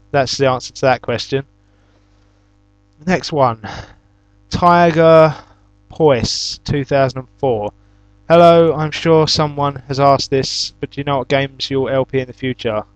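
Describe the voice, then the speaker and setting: A man's voice: medium pitch, unhurried, no echo. A young British man hosting a gaming channel, casually answering viewer questions and telling stories in a chatty, exasperated way. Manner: chatty storyteller, flares into loud exasperated shouts. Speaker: YouTube gaming channel host.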